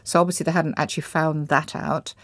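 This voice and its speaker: A woman from Indonesia sits for an interview, her voice pitched a little low and recorded close and dry. She talks in a reflective, searching way, circling back and restarting as she gathers her memories. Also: flat delivery, fairly quick, a bit bright, no room sound. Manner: thoughtful, searching for words, frequent restarts. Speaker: interview guest. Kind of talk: reflective personal recollection.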